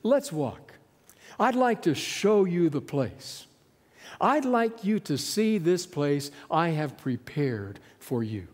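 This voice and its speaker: A gentle, kindly Jesus, voiced by a male preacher speaks softly and without hurry. The tone stays warm and low-key throughout. A long reverb, as in a large hall, trails each phrase. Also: sing-song, slow, exaggerated voice. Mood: inviting.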